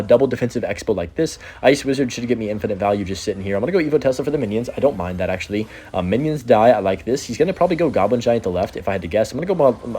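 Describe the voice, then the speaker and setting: A man's voice: lowish voice, mellow, husky. A man giving casual live play-by-play commentary over his own gameplay, chatty and upbeat. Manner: quick, chatty play-by-play with frequent "um" and laughs. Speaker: gaming commentator.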